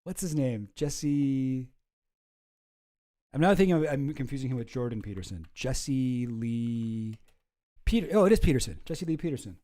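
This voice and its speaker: A man's voice: medium pitch, very animated, very fast, hardly any pauses, warm tone. A man hosting a casual livestream, rambling and chuckling as he reacts to chat. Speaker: streamer host.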